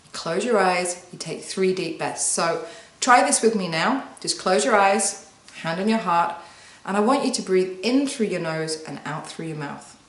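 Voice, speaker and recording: Woman coach talking you through calming exercises, soothing and steady, lowish voice, roomy echo. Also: unhurried. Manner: calm, soothing instructions with guided breathing. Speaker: wellbeing coach. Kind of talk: guided self-help talk to camera. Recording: echoey room.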